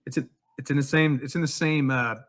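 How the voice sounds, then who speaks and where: A man's voice: medium pitch, steady tone, fairly quick. A man being interviewed as an author and songwriter, telling a personal story in an earnest, heartfelt way.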